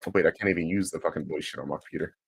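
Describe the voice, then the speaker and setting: A man's voice: rumbling low, rapid-fire, creaky, husky, dry recording. A man streaming, chatting casually, swearing freely and sounding out foreign words syllable by syllable. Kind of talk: casual livestream chat.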